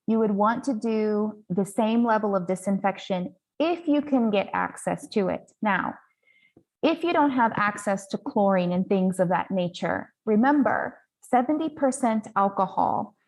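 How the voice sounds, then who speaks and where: A woman panelist explaining infection control steps in a measured, instructive way and stressing key points, on a video-call mic. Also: mid-range voice. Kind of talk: explanatory webinar answer.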